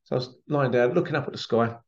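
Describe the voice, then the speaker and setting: A spiritual channel host from England talks at a quick pace in a mid-range voice. His casual monologue story rambles, full of restarts and asides, and the recording is dull and lo-fi.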